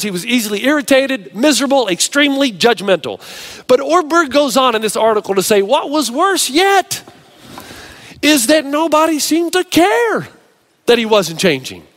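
A man pastor preaching a sermon, telling stories with an animated, varied delivery. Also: very high voice, moderate pace.

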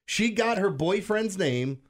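A man with a somewhat high voice co-hosts a morning radio show. He retells strange news with incredulous, laughing energy. His delivery is loose and conversational. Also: slow pace. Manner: incredulous, laughing, animated storytelling. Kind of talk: casual morning radio banter.

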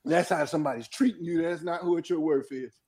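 A man's voice: a little high, a little mellow. Tearful impassioned man. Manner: impassioned, halting, swears. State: crying. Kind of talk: emotional group discussion.

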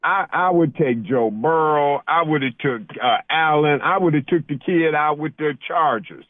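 A man's voice: a little high, normal speed, no room sound. A man calling in to a sports radio show, fired up and rambling, peppering his talk with "man". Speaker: caller. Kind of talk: call-in radio chat. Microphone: phone. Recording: tinny phone line.

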